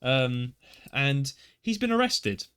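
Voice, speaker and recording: A man's voice: medium pitch, very animated, slow, a bit bright, clean tone. A man co-hosting a podcast in casual chat, rambling with fillers and restarts, sometimes reading news aloud. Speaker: podcast co-host.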